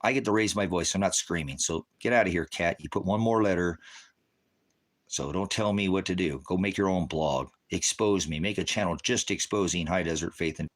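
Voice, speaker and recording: A deep-voiced man hosting a livestream who fires back at his chat. He curses freely and dismisses his commenters with blunt, combative put-downs. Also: brisk. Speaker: livestream host of a ministry channel. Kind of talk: profane livestream rant answering chat.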